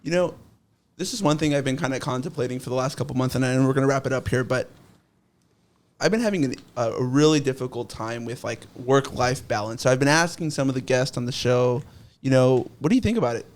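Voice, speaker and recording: Fast-talking, eager male podcast host. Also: medium pitch. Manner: quick, eager, full of short affirmations. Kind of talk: conversational interview.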